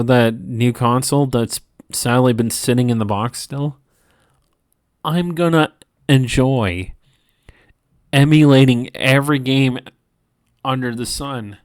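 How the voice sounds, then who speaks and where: A tired man hosting a gaming channel, ranting in a halting, profane monologue with frequent restarts. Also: medium pitch, no room sound, clean studio sound. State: tired from lack of sleep.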